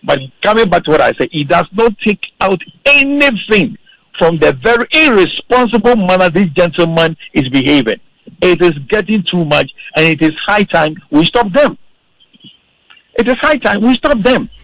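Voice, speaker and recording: Emphatic male radio commentator with a gravelly edge and a dry, close sound. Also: sits high, big pitch swings, moderate pace, fairly bright tone, dry recording, poor audio. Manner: emphatic, repeats words for stress. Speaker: political commentator. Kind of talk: radio panel discussion. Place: radio studio.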